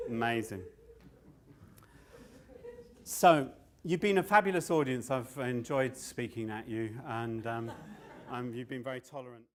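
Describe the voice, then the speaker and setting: A stand-up comedian telling a long rambling story at a live show, swearing freely and often laughing at himself. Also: male voice, mid-range voice, measured pace.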